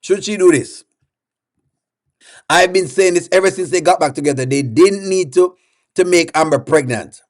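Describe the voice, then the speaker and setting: A man's voice: sits high, normal speed, long pauses. Chatty man hosting a reaction stream. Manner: chatty, questions the viewers and reads their comments aloud. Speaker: reaction show host. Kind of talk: live-stream reaction commentary.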